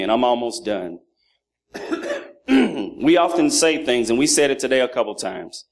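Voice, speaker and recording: Animated male preacher telling family stories. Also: medium pitch. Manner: animated, acts out voices of his children. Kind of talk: sermon with humorous family stories.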